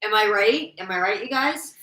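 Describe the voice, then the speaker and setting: Female co-host with a bright voice, chatty and playful, recorded in an echoey room. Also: medium pitch, expressive, normal speed. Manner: chatty and playful, with jokey asides. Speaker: podcast co-host. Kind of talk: casual chat.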